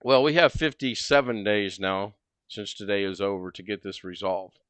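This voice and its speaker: A man hosting a livestream, telling a long story in a casual, animated way and acting out both sides of the conversation. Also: fairly low pitch, normal speed, no room sound. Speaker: livestream host.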